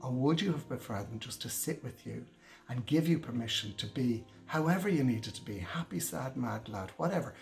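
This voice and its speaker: A man giving a gentle, reassuring training talk to carers, speaking directly to his audience. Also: medium pitch, creaky. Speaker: care trainer. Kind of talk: instructional talk to camera.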